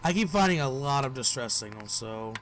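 A man's voice: medium pitch, animated, fairly quick, fairly bright tone, soft background music. A man giving joking commentary while playing a game, talking to himself and to game characters with mock outbursts, on a desk mic. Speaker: let's play gamer. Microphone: headphones and desk mic.

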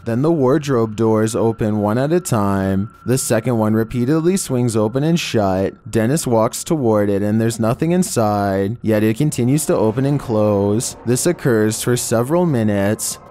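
A man narrating a scripted horror video countdown in a measured, ominous way, drawing out each entry title. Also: on the low side, animated, warm tone. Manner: measured, ominous delivery with slowed, drawn-out titles.

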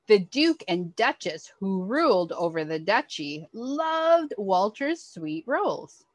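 A woman reads a children's picture book aloud at a slow, careful pace, her pitch rising and falling with lively expression. The sound is dry and close, with no room echo. She tells the story in an animated, expressive way for young listeners. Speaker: early childhood educator.

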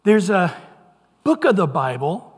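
High-voiced man preaching in a church. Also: big pitch swings, measured pace, husky. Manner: earnest, conversational preaching with playful put-on voices. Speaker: pastor. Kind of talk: sermon. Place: church sanctuary. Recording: long hall reverb.

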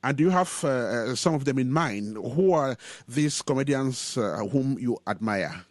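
Lively-voiced male radio interviewer. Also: medium pitch, moderate pace, dry recording. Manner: hesitant, many "uh" fillers between phrases. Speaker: radio show host, interviewer.

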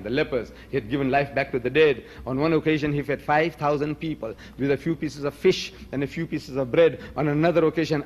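An older man giving a debate speech, telling his story with animation and acting out both sides of the exchange. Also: on the high side. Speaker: public debater.

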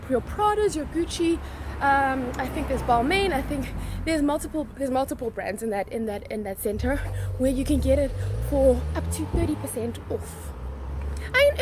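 Woman, young adult, casual vlog, chatty, slangy, high-pitched. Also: animated, moderate pace, background noise. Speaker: vlogger.

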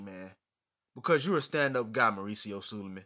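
A man's voice: fairly low pitch, animated, fairly quick, pushed and bright. A man talking straight to camera in a vlog, effusive and emotional, repeating himself and dropping "man" at the ends of sentences. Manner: effusive, repetitive, keeps saying "man"; emotional, grateful. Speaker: boxing fan vlogger. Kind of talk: direct-to-camera vlog address. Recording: dull lo-fi recording.

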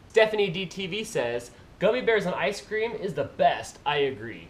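A man's voice: high voice, big pitch swings, moderate pace, few pauses, a little hiss or hum. A man vlogger who reads viewer comments aloud and answers them in a casual, playful way. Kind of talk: casual chat.

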